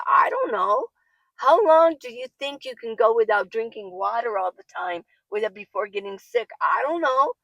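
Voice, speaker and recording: A woman's voice: medium pitch, gravelly, fairly bright tone, no room sound, poor audio. A woman, older, talking casually to camera and answering viewer comments, chatty and laughing often, sometimes getting worked up. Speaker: van-life vlogger. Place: living in her minivan.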